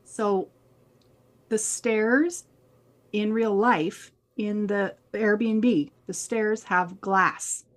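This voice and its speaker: This woman's pitch is medium and her delivery extremely slow. She's a podcast co-host in casual chat, telling a story with animated flair and imitating the voices of those she quotes.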